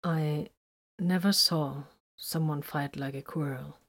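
A woman reading the part of a quiet male warrior who speaks slowly and haltingly, in a storybook reading. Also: low-pitched, steady tone, breathy edge, exaggerated voice. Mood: solemn. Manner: slow and halting.

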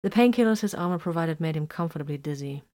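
A woman reading a science-fiction story aloud in an even, measured narration. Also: low voice. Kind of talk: scripted narration of fan fiction.

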